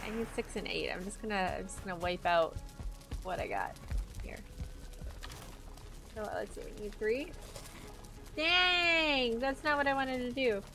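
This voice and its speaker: A woman's voice: a little high, lively intonation, measured pace, long pauses, music in the background. A woman live-streaming a game, thinking aloud in a chatty, playful, teasing way. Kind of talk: live-stream gameplay chat.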